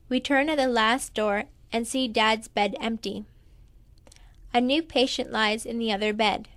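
A woman's voice: fairly high pitch, no room sound. Woman reading a memoir aloud. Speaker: narrator. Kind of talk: first-person memoir reading.

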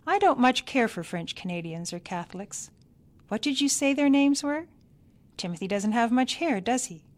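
A woman reading aloud voices a bossy elderly grandmother who shouts fretful commands, raising her voice higher and louder. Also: expressive, normal speed, close to an everyday voice. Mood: prying. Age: older.

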